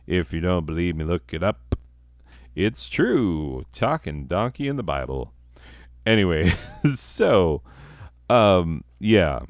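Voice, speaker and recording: A man's voice: deep voice, clear, resonant tone, dry recording, studio quality. A man hosting a comedy podcast, rambling and profane, mocking himself. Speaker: podcast host.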